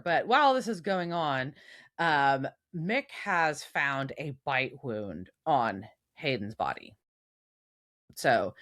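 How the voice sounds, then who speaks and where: A woman's voice: fairly low pitch, a bit bright. A woman co-hosting a podcast, recapping an episode in casual chat and laughing often. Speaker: podcast co-host.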